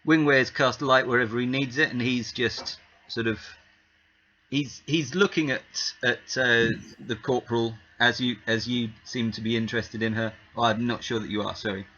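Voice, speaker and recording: A man's voice: mid-range voice, fairly even intonation, moderate pace, sharp tone, dull audio. A man narrating as game master in a casual, hesitant way with many restarts.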